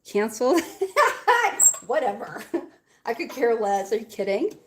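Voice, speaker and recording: A woman with a somewhat high voice chats with her viewers while baking at home. She talks casually and bluntly, joking as she goes. Loud hiss and appliance noise run steadily under her voice. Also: animated, moderate pace. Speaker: live-stream baking host. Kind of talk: casual live-stream chat while baking. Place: home kitchen.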